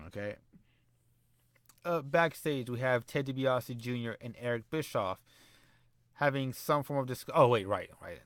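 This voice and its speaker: A man's voice: mid-range voice, dry recording. A man casually narrating a wrestling management game, rambling and correcting himself as he goes. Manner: rambling, self-correcting, playful. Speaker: game commentator. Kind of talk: casual let's-play narration.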